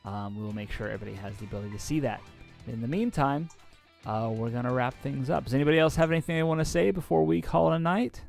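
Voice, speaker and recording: A man narrating as game master of a tabletop game, halting with many ums and restarts. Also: mid-range voice, vocal fry, darkish tone, soft background music.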